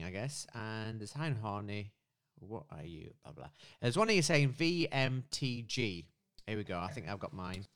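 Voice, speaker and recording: Sweary man, lively pitch. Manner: swearing, joking, easily amused. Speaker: podcast co-host. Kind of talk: casual podcast chat.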